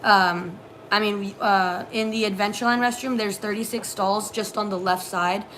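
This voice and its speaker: A young woman co-hosting a casual live stream, telling animated work stories with many fillers. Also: mid-range voice, moderate pace, slight background noise. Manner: animated storyteller, lots of fillers. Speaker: co-host, former theme park custodian.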